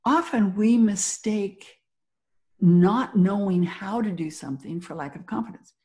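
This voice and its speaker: A woman's voice: medium pitch, measured pace, warm tone. A middle-aged woman speaking as a guest in an interview, giving motivational talk and acting out little quoted scenes as she tells stories. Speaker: guest, business founder.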